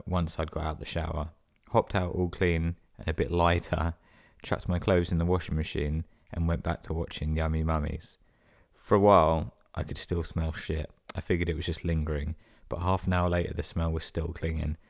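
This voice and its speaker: A man with a very low, deep voice reads listener stories on his podcast. He keeps cutting in with sweary, sarcastic jokes between the sentences. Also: creaky, darkish tone. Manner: sweary, sarcastic running commentary. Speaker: podcast host. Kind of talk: reading listener emails with comic asides.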